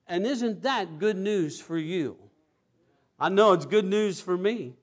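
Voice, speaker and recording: An emphatic preacher delivering a sermon at an unhurried pace. The voice swings widely in pitch, rising to loud, fervent exclamations. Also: lively intonation.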